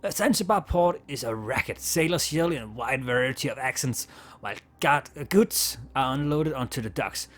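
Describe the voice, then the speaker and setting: A man's voice: medium pitch, expressive, normal speed. A man casually playing a text adventure game aloud, stumbling over words, laughing and swearing as he reads. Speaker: game player reading aloud. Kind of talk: casual let's-play narration.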